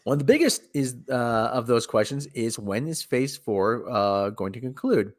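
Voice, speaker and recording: A man's voice: medium pitch, expressive, moderate pace. A man hosting a casual chat show, sarcastic and exasperated, sighing often. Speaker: podcast host. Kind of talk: casual chat about movie news.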